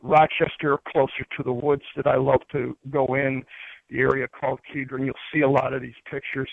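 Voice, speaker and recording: A fairly quick, creaky, mid-range male voice with a level tone, recorded dry over a tinny phone line. He's a spiritual teacher from upstate New York appearing as a guest, earnestly rambling about crystals and spirits with lots of fillers and restarts. It's casual spiritual teaching talk.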